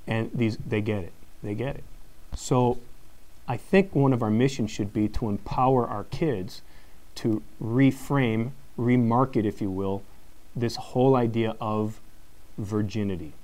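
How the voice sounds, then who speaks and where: A man, a high school teacher, giving a live conference talk, telling a story and acting out each exchange with frequent laughs. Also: measured pace. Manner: animated storyteller, acts out quotes, laughs often.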